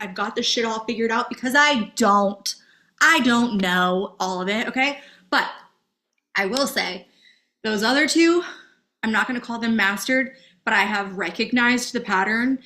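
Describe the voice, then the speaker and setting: A woman's voice: a little high, bright, forceful tone. A young woman coaching in a casual, candid masterclass, swearing freely and checking in with "okay?" often. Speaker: dating and self-help coach.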